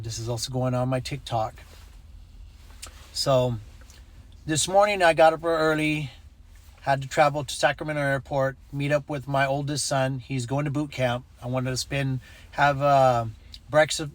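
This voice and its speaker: A man's voice: medium pitch, dry recording. A man telling a personal story in a casual vlog, acting out the voices in it and adding preachy asides. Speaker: ministry network leader.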